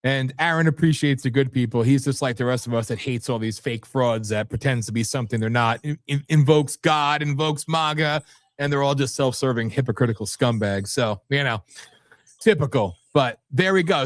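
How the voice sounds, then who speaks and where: A man's voice: medium pitch, fairly quick, no echo, clean studio sound. A man hosting a live talk show, rambling and blunt, repeating words and swearing freely. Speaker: host.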